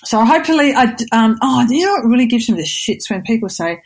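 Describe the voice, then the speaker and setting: Lively husky Australian woman. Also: a little high, fast talker, hardly any pauses. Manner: animated, joking, self-mocking. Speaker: guest. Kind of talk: casual interview chat.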